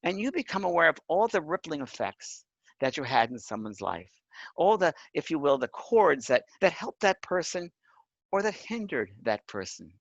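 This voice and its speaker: A man teaches a spoken lesson on mediumship, earnest and emphatic, frequently asking listeners "right?" to check in. His voice is a little high with big pitch swings at a moderate pace, and the audio is dull with no room sound.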